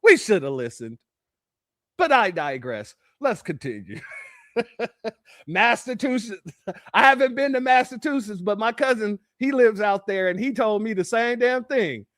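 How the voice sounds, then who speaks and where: A man's voice: sits high, lively intonation, measured pace, a bit bright, no echo, clean studio sound. A man from California giving casual commentary, laughing often and repeating himself. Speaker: commentary channel host.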